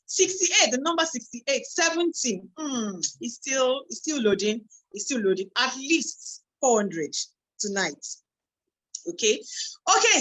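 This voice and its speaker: Lively Nigerian woman hosting a webinar. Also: mid-range voice, rough recording. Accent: Nigerian English. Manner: lively, chatty, reads out audience comments. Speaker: online meeting host. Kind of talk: hosting a live online webinar.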